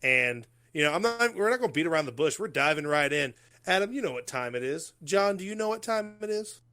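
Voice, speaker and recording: A man with an American accent hosting a casual podcast, joking loosely and talking in quick bursts. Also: fairly high pitch, expressive, sharp tone. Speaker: podcast host.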